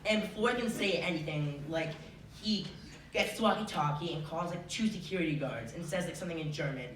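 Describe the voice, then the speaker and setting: A high-school student telling a true story live on stage, chatty and full of filler words. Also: brisk. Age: teen. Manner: chatty, many filler likes. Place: school auditorium with audience. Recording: roomy hall, distant mic, noisy. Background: audience laughter.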